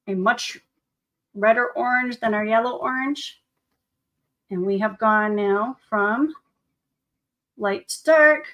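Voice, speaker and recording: In a classroom-style drawing tutorial, a woman teaching kids to paint speaks in a fairly bright, higher-pitched voice. Cheerful and supportive, she talks to the viewer just like one of her pupils.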